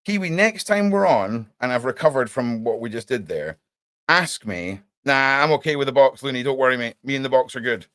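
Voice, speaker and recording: A man's voice: medium pitch, a little fast, no room sound. A man hosting a casual live stream, talking to his viewers, calling them mate and swearing now and then. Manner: animated, swears casually, addresses chat as mate. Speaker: livestream podcast host.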